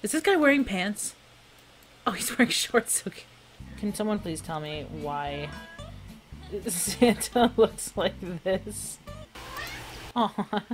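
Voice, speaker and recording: A woman's voice: medium pitch, animated, slow pace, long pauses, soft background music. A woman giving casual, giggly commentary while playing a life-simulation game, often breaking into laughter and exclamations. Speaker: gameplay streamer.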